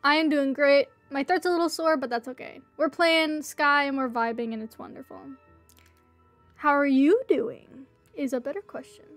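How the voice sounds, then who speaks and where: A woman's voice: high-pitched, normal speed, no room sound, faint music behind. A woman livestreaming a game, chatting casually and playfully pleading with other players. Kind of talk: casual gameplay livestream chat.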